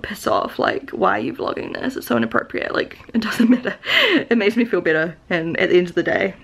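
A woman's voice: medium pitch, creaky. A young New Zealand woman with a New Zealand accent, rambling to the camera in a confessional vlog, upset and holding back tears, with many likes and restarts. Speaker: vlogger.

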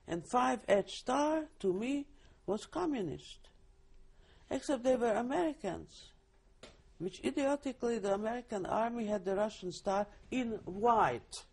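Older woman, husky. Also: mid-range voice, darkish tone. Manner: vivid storytelling with halting restarts. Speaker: Holocaust survivor giving testimony. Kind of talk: recorded oral history interview.

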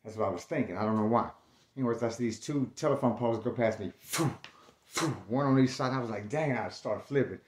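A man's voice: fairly low pitch, fast talker, slight background noise. Slangy man telling a wild story. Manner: animated, slangy, acts out scenes with loud outbursts. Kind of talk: casual spoken storytelling.

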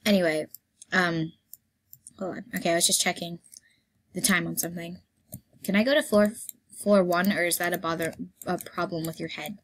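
Hoarse, husky woman chatting through gameplay. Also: lowish voice, steady tone, normal speed, pauses often, a bit bright. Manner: chatty, playful, rambling with fillers. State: hoarse, keeps clearing throat. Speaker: gameplay vlogger. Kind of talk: casual gameplay commentary.

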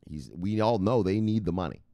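Loud, swearing man on a stream. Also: sits low, animated, fairly quick, no room sound, clean studio sound. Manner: profane, loud bursts, repeated catchphrases. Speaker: livestream host. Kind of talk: casual livestream chat.

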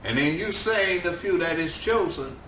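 Preacher man, slow and emphatic, bright voice bouncing around a big echoey room, mic kinda far off. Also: high-pitched, lively intonation, a little hiss or hum. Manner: slow, emphatic preaching with rising and falling cadence. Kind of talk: sermon. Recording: echoey room, mic at a distance, faint ambience.

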